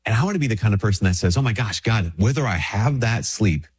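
Male priest, deep-ish and husky, congested, relaxed conversational reflection. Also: fast. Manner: conversational, acts out little dialogues, repeats words. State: sick with a stuffy nose. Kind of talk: casual spoken reflection.

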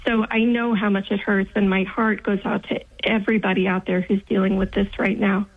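A woman in her fifties phones in to a radio show, her voice coming through tinny and narrow over the line. Her tone is breathy and husky as she speaks with earnest feeling. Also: mid-range voice, flat delivery, fairly quick. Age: 50s. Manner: earnest, heartfelt. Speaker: caller. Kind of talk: call-in radio chat.

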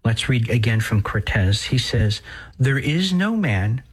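A man preaching with deliberate, unhurried delivery and a husky, slightly breathy voice. He speaks earnestly and with emphasis, at times sinking into a whisper to drive a point home. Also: mid-range voice, very animated, rough recording. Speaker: priest. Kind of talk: podcast sermon.

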